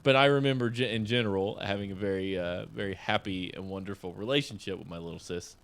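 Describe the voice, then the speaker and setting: A man's voice: lowish voice, quick pace, gravelly, a bit bright. A young man co-hosting a podcast in casual chat, playful and giggling often.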